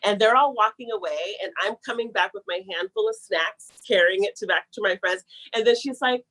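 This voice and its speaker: A woman telling a long personal story in a casual, animated way, talking fast and acting out the people she quotes. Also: medium pitch, rough recording. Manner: talks fast to get through a long story.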